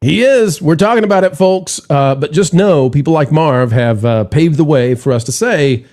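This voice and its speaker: A man's voice: a little high, normal speed, darkish tone. Chatty man hosting a panel. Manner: chatty, hesitant restarts. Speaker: panel show host. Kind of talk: casual panel chat.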